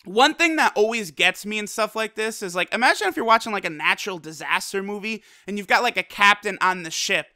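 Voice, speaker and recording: A man reviewing an anime episode in casual, slangy talk, animated and profane, with lots of fillers. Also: high-pitched, brisk, hardly any pauses. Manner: frequent fillers like "like" and "you know".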